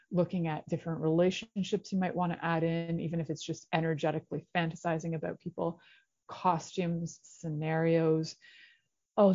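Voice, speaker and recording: A woman's voice: low voice, warm tone, no room sound. A middle-aged woman hosting a talk show, chatty and encouraging with playful asides. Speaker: radio show host. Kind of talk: casual solo talk show monologue. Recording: slightly dull lo-fi recording.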